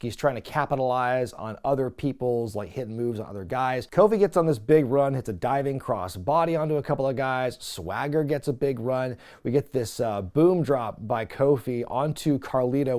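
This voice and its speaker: A man hosting a casual wrestling recap, talking in an animated, chatty way with lots of filler words. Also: medium pitch. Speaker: wrestling recap podcast host.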